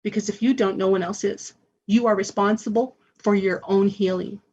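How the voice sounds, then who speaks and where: A woman's voice: medium pitch, fairly even intonation, moderate pace, darkish tone, slightly rough, dull audio. A woman hosting a spiritual self-help radio show, talking in an earnest, encouraging way.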